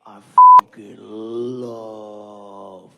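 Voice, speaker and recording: A man's voice: fairly low pitch, level tone, drawn-out words, gravelly. A male stand-up comedian with a crude, rowdy delivery who keeps calling the crowd "dude". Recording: loud background noise.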